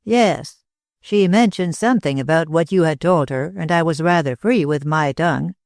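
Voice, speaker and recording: A man's voice: on the high side, moderate pace, gravelly, dry recording, clean studio sound. A man voicing a persistent, lovesick male detective in an audiobook, speaking earnestly.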